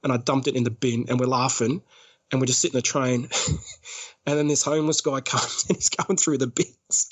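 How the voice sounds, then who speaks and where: A man's voice: medium pitch, fairly even intonation, moderate pace. An Australian man, a podcast guest, rambling through a story and laughing often as he talks. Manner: laughs often while telling stories, rambling. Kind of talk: casual storytelling.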